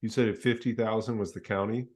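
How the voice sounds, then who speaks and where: A man's voice: lowish voice, steady tone, fast, a little mellow. A man hosting a casual real estate interview, reacting supportively and asking follow-up questions. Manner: supportive, short affirming reactions. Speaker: podcast host, realtor.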